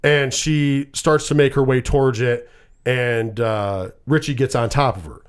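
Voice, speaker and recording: A man's voice: medium pitch, unhurried, clean tone. A man casually recapping a movie plot, cursing freely and rambling as he retells scenes. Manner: profane, rambling storyteller.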